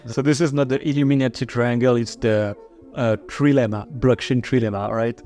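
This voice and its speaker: French guy on a podcast, mid-pitch voice, lots of uhs and restarts, faint music under it. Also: fairly even intonation, dark tone. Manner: halting, many fillers and restarts. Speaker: marketing chief of a crypto project. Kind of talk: casual podcast explanation.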